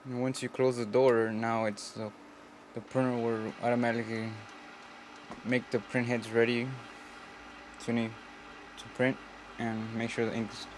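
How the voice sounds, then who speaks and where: A man casually walking through a hands-on how-to, giving plain, unhurried step-by-step instructions. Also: mid-range voice, level tone, slight background noise. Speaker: tutorial presenter.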